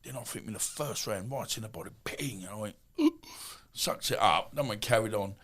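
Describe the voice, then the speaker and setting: A man in his fifties with an Essex accent, telling stories as a podcast guest in a rambling, animated way with many asides. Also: fairly low pitch, brisk. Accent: Essex English. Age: 50s. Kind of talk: casual storytelling.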